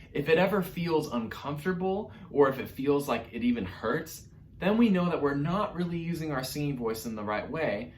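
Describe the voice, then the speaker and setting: A man's voice: fairly high pitch, echoey room, a little hiss or hum. A man teaching an online music lesson to young children in an upbeat, encouraging way, speaking directly to his class.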